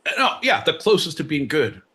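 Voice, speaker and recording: A man's voice: a little high, very animated, a little fast, bright, forceful tone. A man co-hosting a live comedy podcast, ranting in a profane, theatrical way with mock-Shakespearean flourishes. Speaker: podcast co-host. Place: live show venue.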